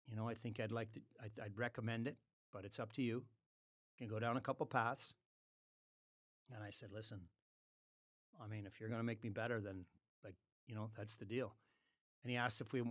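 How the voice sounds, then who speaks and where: Man, blunt storyteller, quoted dialogue, mid pitch, dry close recording. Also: no echo. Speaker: podcast guest. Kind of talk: casual anecdote.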